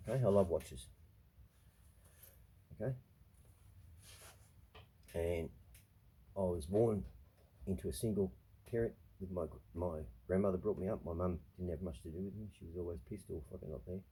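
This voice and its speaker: A man with a deep, mellow and heavily raspy voice vents in a long, confiding monologue. His talk is profane and restless, full of repeats and asides. He sounds defensive and earnest. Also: normal speed, long pauses. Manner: profane, emphatic, repeats himself. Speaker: vlogger. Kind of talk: rambling personal monologue.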